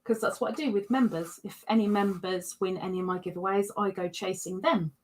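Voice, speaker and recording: A woman's voice: mid-range voice, steady tone, fairly quick, darkish tone, slight background noise. A woman hosting a livestream, chatting casually and reading out viewer comments in a rambling way. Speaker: livestream host.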